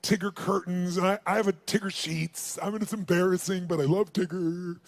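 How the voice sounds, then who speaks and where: Sullen young teen goth girl, as a male storyteller puts her on, terse and lower-pitched. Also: brisk, creaky. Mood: shy. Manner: terse, flat replies. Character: sullen thirteen-year-old goth girl, guarded.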